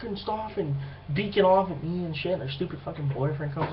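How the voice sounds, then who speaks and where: A man's voice: high voice, moderate pace, dull audio, slight background noise. A young man telling a rambling, profane story in a casual monologue, acting out the people in it. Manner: profane, rambling, animated retelling. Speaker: vlogger.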